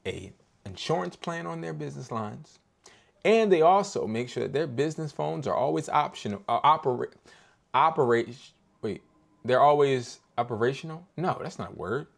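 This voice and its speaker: A young man hosts a casual livestream lesson in street slang, his pitch swinging widely as he talks. He plays out sales calls in a lower register and then breaks into loud, excited bursts. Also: vocal fry. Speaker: host of a live business workshop.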